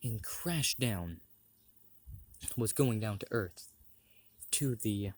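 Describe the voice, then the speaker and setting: A man making up a fan story aloud, rambling and stopping to correct himself. His voice is low and his pace slow, with frequent throat clearing. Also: lively intonation, a little hiss or hum. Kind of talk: improvised fan fiction storytelling.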